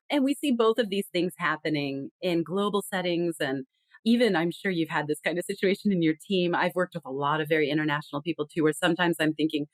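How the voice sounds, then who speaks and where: A woman's voice: lowish voice, a little fast, no echo. A woman guest on a podcast, explaining in an earnest, conversational way and acting out example phrases. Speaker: podcast guest, communication consultant. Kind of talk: conversational interview.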